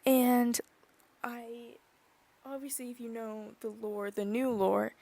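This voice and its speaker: A woman's voice: a little high, flat delivery, takes it slowly, vocal fry, warm tone, no room sound. A young woman chatting casually on her own podcast, rambling and gushing with many fillers, sometimes dropping to a whisper. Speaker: podcast vlogger. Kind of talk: casual chat.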